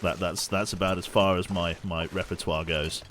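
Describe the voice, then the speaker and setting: A man's voice: low voice, moderate pace, slight background noise. A young man from the Birmingham area with a non-regional English accent, chatting casually to viewers as he streams a survival game. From Birmingham area, England. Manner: chatty, relaxed, thanks viewers between game narration. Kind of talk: casual gameplay live-stream commentary.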